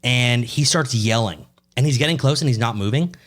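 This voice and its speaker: A man's voice: medium pitch, normal speed. Profane ranting man telling stories. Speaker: podcast co-host. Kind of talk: casual chat.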